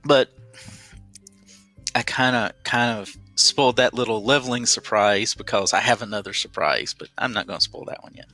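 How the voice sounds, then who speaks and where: A man's voice: fairly low pitch, moderate pace, sharp tone, faint music behind. A man running a tabletop game as game master, teasing his players in casual chat. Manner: teasing, playful.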